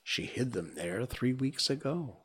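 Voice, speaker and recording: A man voicing a small, silly male tailorbird who talks in an excited, sing-song, praising way. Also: mid-range voice, a little slow, slightly rough, exaggerated voice.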